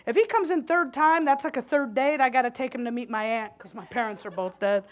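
High-voiced woman, joking cooking demo. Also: brisk. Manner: chatty and joking, talks to the audience while cooking. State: slightly winded. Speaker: cooking demonstrator. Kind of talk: live cooking demonstration. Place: conference hall kitchen stage.

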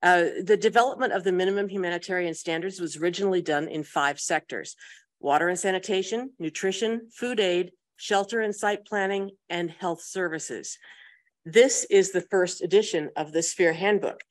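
A woman on a panel reading prepared comments in a brisk, friendly way. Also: fairly low pitch. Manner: brisk, friendly, shows items. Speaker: panel speaker.

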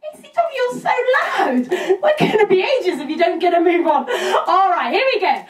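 A woman's voice: very high-pitched, sing-song, normal speed, hardly any pauses, a little hiss or hum. A woman hosting a children's puppet show, exclamatory and sing-song. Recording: roomy, from a distance.

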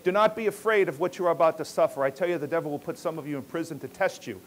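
A man's voice: on the high side, rapid-fire, slight background noise. A male pastor preaching an emphatic teaching sermon in a church, often checking in with his listeners. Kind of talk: expository sermon.

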